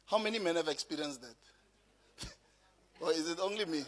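A South African man preaching with a notably high voice for a man. He is middle-aged and tells stories from the pulpit with an easy, laughing delivery. His sermon moves between teaching and personal anecdotes. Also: a little fast, pauses often. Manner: lively storytelling, laughing through anecdotes.

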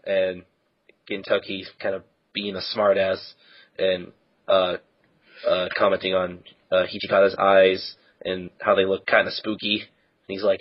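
A man's voice: sits low, monotone, slow pace, pauses often, lo-fi sound. A man co-hosting a podcast, casually recapping a manga chapter in a rambling, filler-heavy way. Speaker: podcast co-host.

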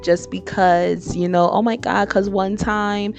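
Speaking in a mid-range, creaky voice and a touch slowly, a female podcast host offers straight-talking, slangy advice in a casual monologue. Soft music plays behind her. Her delivery is animated, and she shifts into impressions along the way.

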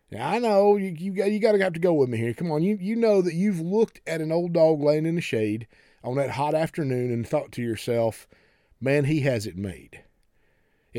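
Folksy male preacher, warm voice. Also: on the high side, dry recording, studio quality. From United States. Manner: folksy, repeats words and restarts, slows down for emphasis. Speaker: pastor. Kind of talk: sermon.

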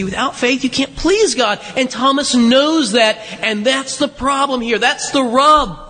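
A man's voice: very high-pitched, bright, forceful tone, slight background noise. A man preaching a sermon in a conversational way, full of rhetorical questions and asides to the congregation. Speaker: pastor. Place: church sanctuary. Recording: long reverb of a large hall.

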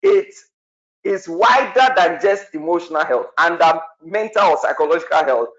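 A man's voice: on the high side, animated, normal speed, a bit bright. A man preaching with passion, exclaiming and praying in tongues. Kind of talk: sermon with prayer. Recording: echoey, dull lo-fi room sound.

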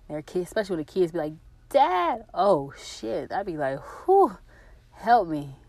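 A woman with a notably low voice talks straight to her camera in a loose, personal vlog. She rambles, gets emotional and swears freely, and sounds like a young adult. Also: a little mellow. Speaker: vlogger. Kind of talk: casual personal vlog talk.

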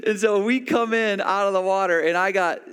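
A man's voice: high-pitched, fairly quick, fairly bright tone, smooth, big-room sound. A man preaching a sermon, telling a personal story with many restarts and acted-out quotes. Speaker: pastor.

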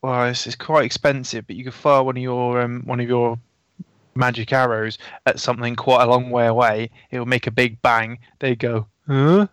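A man's voice: medium pitch, level tone, normal speed, a bit bright, clear, resonant tone, no room sound. Guy planning in a tabletop game, keeps repeating himself, dry close sound. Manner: hesitant, repeats words while thinking. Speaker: player. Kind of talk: casual tabletop game chat.

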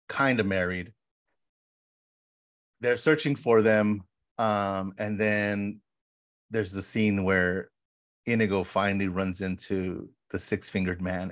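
Rambling low-voiced man retelling a film. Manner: rambling retelling full of fillers and acted-out quotes. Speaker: podcast co-host. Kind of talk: casual film rewatch chat.

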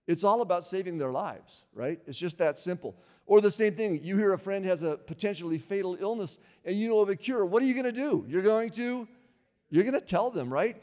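A man's voice: high voice, a little mellow, long reverb tail. An older man, a pastor, preaching a sermon in a conversational way, often asking the audience questions.

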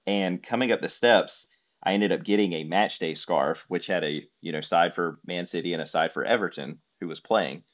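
A man's voice: low voice, moderate pace, muffled recording. A man telling a trip story in casual conversation, rambling with many fillers. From United States.

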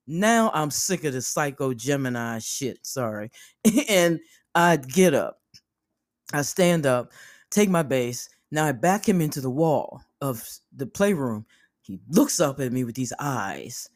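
Animated, profane woman storyteller. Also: extremely low pitch, unhurried, no room sound, studio quality. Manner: animated, profane, acts out the people in her story. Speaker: host. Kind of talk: personal storytelling.

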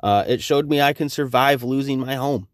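A man in his thirties, hosting a podcast and telling a story in a casual, profane, animated way, acting out the quoted exchanges. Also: mid-range voice, moderate pace, dry recording, clean studio sound. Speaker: podcast host.

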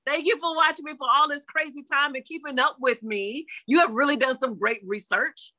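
A woman being interviewed in a casual chat, telling her story animatedly and acting out quotes in lively voices. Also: sits high, a little fast. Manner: chatty, with frequent "you know" fillers. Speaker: interview guest.

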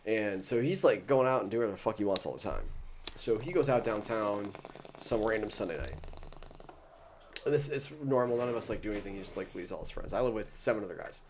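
A young man in his twenties, a podcast host, telling a rambling, swear-filled story and putting on animated voices for the people in it. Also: on the low side, fast, noisy background. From Ohio. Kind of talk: casual storytelling.

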